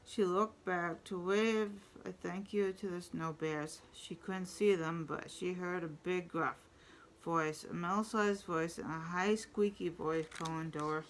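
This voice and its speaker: A woman reading a picture book aloud in a steady storytelling voice. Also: on the low side, unhurried, slight background noise, poor audio.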